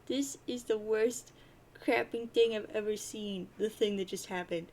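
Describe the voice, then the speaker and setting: A woman voicing a sarcastic, cocky teenage boy who rambles in crude deadpan rants as she reads a webcomic aloud. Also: mid-range voice, a little slow, lightly acted.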